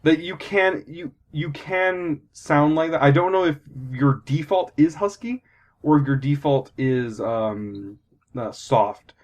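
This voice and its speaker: A man's voice: fairly high pitch, animated, slow pace. A man narrating as game master in a tabletop game, rambling and full of fillers and self-corrections.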